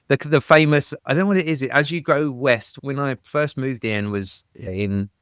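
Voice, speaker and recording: A man's voice: mid-range voice, a little slow, a bit bright, smooth, no echo, studio quality. An English man from Britain hosting a podcast, talking in a casual, jokey and chatty way. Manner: chatty, jokey, friendly banter. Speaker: podcast host.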